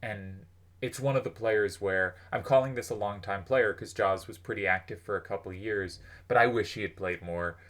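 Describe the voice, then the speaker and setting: A host gives casual commentary on the history of a card game's players, thinking aloud and filling his speech with fillers. His voice is on the low side and fairly bright, at a moderate pace.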